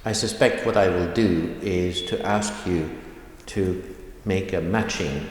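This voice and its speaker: A man teaching an online language lesson, explaining slowly and repeating examples. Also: low voice. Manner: slow, deliberate explaining with repetitions. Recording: echoey room with long reverb.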